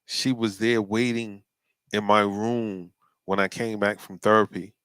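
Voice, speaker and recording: A man's voice: on the low side, flat delivery, measured pace, fairly bright tone, smooth, dry recording. A man in a casual chat, speaking bluntly and emphatically.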